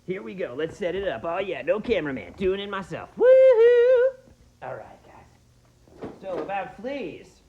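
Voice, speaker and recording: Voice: mid-range voice, big pitch swings, moderate pace. A performer playing a goofy, rambling wasteland busker who talks to the audience between jokey songs on a guitar. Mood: hyped. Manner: rambling, self-narrating, jokey. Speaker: in-world musical entertainer. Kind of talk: comedic in-character musical interlude. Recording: echoey room, dull lo-fi sound, loud guitar.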